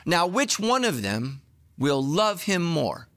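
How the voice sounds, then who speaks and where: A middle-aged man preaching a sermon as a pastor, telling the story with acted-out dialogue and sudden swings between loud and hushed. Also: slow. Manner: animated storytelling, acting out dialogue with big pitch swings.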